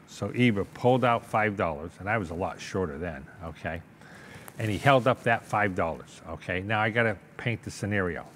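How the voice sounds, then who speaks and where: An older man telling a long, animated story in a sit-down interview, acting out the voices of the people in it and often checking in with "okay?". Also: low voice, moderate pace, slight background noise. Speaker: interview guest, business owner.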